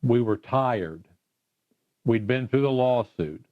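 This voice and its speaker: An older man recounting past events in a measured way during an oral history interview. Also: mid-range voice, lively intonation. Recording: muffled lo-fi recording.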